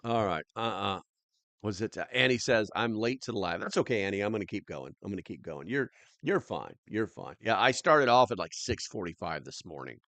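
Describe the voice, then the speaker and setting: Rambling low-voiced man hosting a livestream. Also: expressive, a little fast, fairly bright tone, no echo. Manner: rambling, chatty, many fillers and restarts. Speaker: livestream host. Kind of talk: casual livestream chat.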